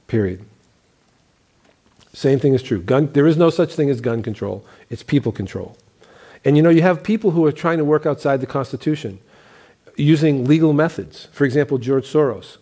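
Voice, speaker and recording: Fiery pastor, deep mellow voice. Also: male voice. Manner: emphatic, repeats key phrases, asks rhetorical questions; frequent restarts and stumbles. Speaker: pastor teaching a Bible college class. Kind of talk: sermon-style class lecture.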